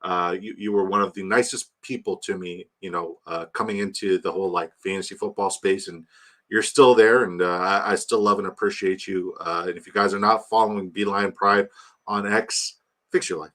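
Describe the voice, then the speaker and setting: A young man hosts a live fantasy football draft stream, chatting loosely with his viewers. He rambles, jokes and shouts out fans by name. His voice sits a bit low but sounds bright and forward. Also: steady tone, moderate pace. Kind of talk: casual live-stream chat.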